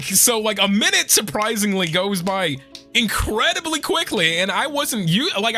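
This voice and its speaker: A man's voice: sits high, very animated, normal speed, pushed and bright, soft background music. A young man streaming casual chat, tearful and swearing a lot as he thanks his viewers.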